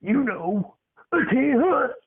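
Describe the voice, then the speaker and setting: A man's voice: very high voice, sing-song, slow, husky, pitched above the performer's own voice, exaggerated voice. Man putting on a sweet but drill-sergeant grandmother. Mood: sweetly commanding. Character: stern patriotic veteran grandmother, sweetly commanding. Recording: tinny phone-like sound.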